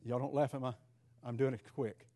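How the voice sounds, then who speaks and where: A man leading a Bible study class, talking casually and putting questions to the group. His voice is mellow and warm at a middle pitch. The recording is dry, with little room sound. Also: fairly even intonation, fairly quick, no room sound. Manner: conversational, quizzes the class, frequent restarts. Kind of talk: interactive Bible class teaching.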